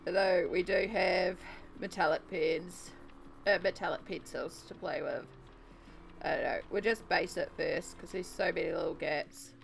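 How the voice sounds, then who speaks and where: A woman's voice: on the low side, steady tone, unhurried, creaky, faint music behind. A woman streamer chatting casually with her viewers while colouring, giggly and self-deprecating. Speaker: art streamer.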